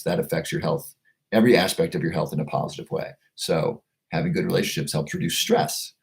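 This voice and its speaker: A man's voice: deep voice, creaky, darkish tone. A man hosting a casual livestream, reading out viewer comments and answering them in a chatty way, often restarting and repeating words. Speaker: livestream host selling a supplement.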